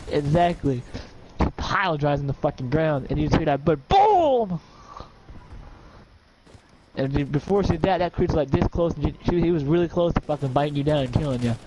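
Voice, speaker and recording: A man narrating as game master, telling the action in an excitable, profane way with shouted sound effects. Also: fairly high pitch, fast talker, background noise.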